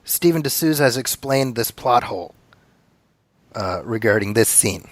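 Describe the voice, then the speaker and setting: A man hosting a film podcast, telling behind-the-scenes stories in a chatty way with quick asides. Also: mid-range voice, expressive, no room sound. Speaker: podcast host. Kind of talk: casual podcast commentary.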